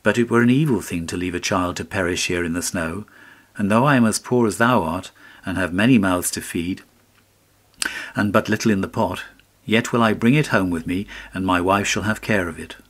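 A man voicing a poor, kind-hearted woodcutter in a storybook reading, speaking gently and earnestly. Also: low-pitched, normal speed. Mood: gentle.

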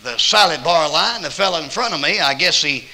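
Man, Southern accent, evangelist sermon, folksy storytelling, very bright tone, animated pitch. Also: a little fast, low-quality recording. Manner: folksy anecdotes, quoting himself and others, bursts of loud emphasis. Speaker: evangelist preacher. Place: church auditorium.

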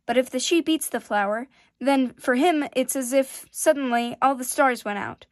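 A woman's voice: a little high, normal speed, no room sound, clean studio sound, lightly acted. An earnest little boy prince, as a woman reads him. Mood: pleading. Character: small earnest boy prince, tender and hurt.

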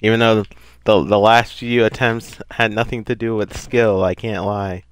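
A man's voice: fairly low pitch, level tone, normal speed, clean tone. Young man rambling over a game. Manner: rambling, self-deprecating, flares into loud frustrated outbursts. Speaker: gaming YouTuber. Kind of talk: casual gameplay commentary.

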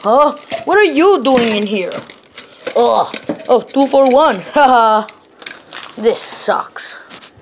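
A woman with a fairly high voice narrates a playful toy-car game at an unhurried pace. She jumps between excited squeals and quiet mumbled asides as she voices the cars. A faint hiss sits under her voice. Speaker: storyteller voicing toy cars.

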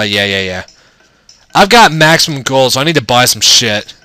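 A man's voice: mid-range voice, sing-song, moderate pace, bright, forceful tone, clear, resonant tone, no room sound. A man giving casual, rambling, profane commentary while playing through a video game. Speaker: let's play gamer.

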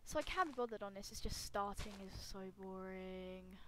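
A young woman with a slightly hoarse voice talking casually over her gameplay at home, rambling and self-mocking, with sudden loud squeals. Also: medium pitch, lively intonation, normal speed, slight background noise. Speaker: gaming YouTuber.

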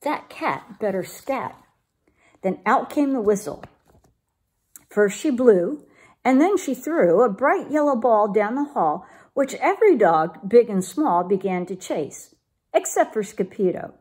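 A woman reading a children's picture book aloud in an expressive, lively way. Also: on the high side, a little slow, slightly rough. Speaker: storyteller.

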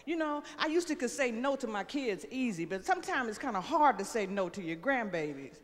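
A brash older woman does a stand-up comedy set on a large theater stage, her lively voice a little high and fairly quick. She tells stories in a profane, animated way, with long theater reverb and faint noise in the recording.

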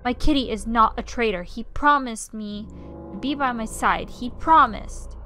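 Scared little game girl, pleading and earnest, fairly high, voiced by a woman. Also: unhurried, sharp tone, soft background music.

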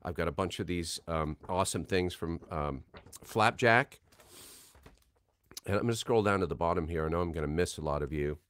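A man's voice: deep voice, moderate pace, a bit bright, smooth. A man hosting a casual livestream signing, chatting loosely with lots of ums and reading names and comments from the chat.

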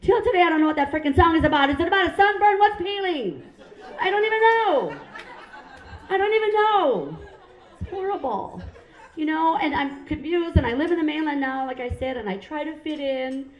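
A woman's voice: sits high, animated, normal speed, dull audio. A middle-aged woman from Hawaii, doing stand-up comedy on a club stage, punchy and self-mocking as she chats with the crowd. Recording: roomy club sound.

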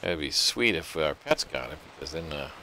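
A man's voice: very deep voice, lively intonation, normal speed, bright, forceful tone, slight background noise. A man chatting easily with his partner while they play an online game at home, musing aloud and humming. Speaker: gamer co-playing online game. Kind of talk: casual gameplay chat.

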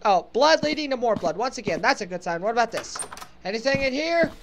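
High-voiced sarcastic woman gamer. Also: very animated, fairly quick, noisy background. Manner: sarcastic, joking, talks to the game. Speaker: let's play gamer. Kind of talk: casual gameplay commentary.

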